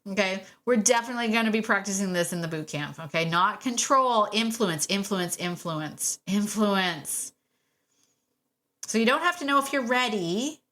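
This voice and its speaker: A woman hosting a solo podcast about dog training, chatty and warm, laughing often and repeating phrases for emphasis. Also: mid-range voice, expressive, moderate pace. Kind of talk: casual solo podcast talk.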